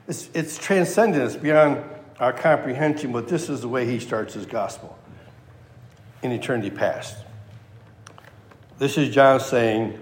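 A man's voice: on the high side, echoey room. A man preaching an expository sermon as a Bible teacher, repeating key phrases for emphasis and checking in with his listeners.

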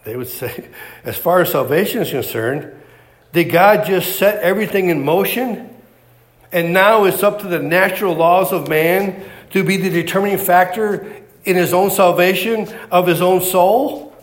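Preacher guy, kinda high pitched, hammers rhetorical questions. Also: moderate pace. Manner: emphatic, rhetorical questions, repeats phrases. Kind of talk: sermon.

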